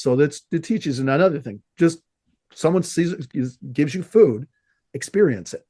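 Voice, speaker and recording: A man from Canada telling stories in a casual podcast chat, acting out the people he quotes with animated energy. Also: a little high, normal speed, dry recording, studio quality. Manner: animated storyteller, acts out quoted dialogue. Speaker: podcast guest, oyster shucker.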